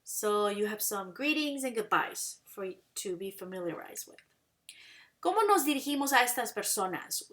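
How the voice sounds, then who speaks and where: A woman teaching a Spanish lesson in English, explaining patiently and saying Spanish phrases slowly and clearly for learners to repeat. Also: mid-range voice, big pitch swings, fairly bright tone. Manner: explains patiently, asks "okay?" and "right?" to check understanding. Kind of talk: classroom language lesson.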